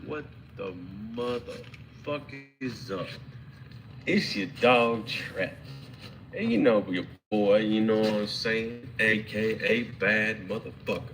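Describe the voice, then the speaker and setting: A man's voice: fairly low pitch, takes it slowly, fairly bright tone, soft background music. A man talking in a brash, profane drawl, played back from a video clip.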